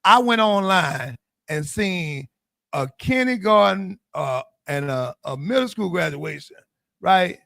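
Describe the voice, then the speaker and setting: A man, co-hosting a casual chat and handing out advice in animated, preachy lists. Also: sits high, takes it slowly, vocal fry. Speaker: co-host.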